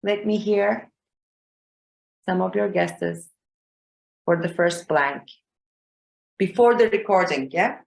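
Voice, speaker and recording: A woman's voice: lowish voice, slow pace, vocal fry, long pauses. A woman exam trainer teaching a live online class over a video call, patient and often checking in with "okay?" and "yeah?". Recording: roomy echo.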